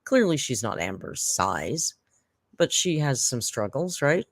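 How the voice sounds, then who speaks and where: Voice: mid-range voice, sing-song, measured pace, dry recording. A reaction channel host giving chatty, sarcastic live-stream commentary to viewers.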